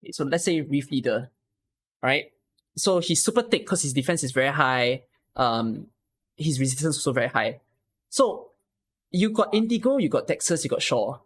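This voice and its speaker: A man talks through a strategy game, his pitch rising and falling in a very animated way. He keeps checking in with quick rhetorical questions as he coaches a viewer step by step. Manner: explains patiently with many rhetorical questions.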